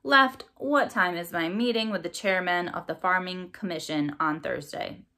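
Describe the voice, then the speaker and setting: A woman's voice: fairly low pitch, moderate pace, sharp tone. A cold politician crow father from a storybook, curt and sneering, brushing off every question, as a woman reading aloud puts him on. He barks short, dismissive orders.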